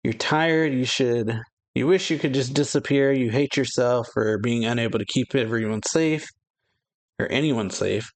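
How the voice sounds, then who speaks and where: A man's voice: mid-range voice, normal speed. A man hosting a manga reaction, reading the dialogue aloud in a casual way and laughing often between lines.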